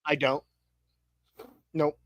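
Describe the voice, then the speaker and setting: High-voiced rambling sports talk host. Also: male voice, little pitch movement, extremely slow, fairly bright tone, dry recording, low-quality recording. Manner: rambling, lots of restarts and fillers, joking. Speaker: podcast co-host. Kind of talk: casual sports talk show chat.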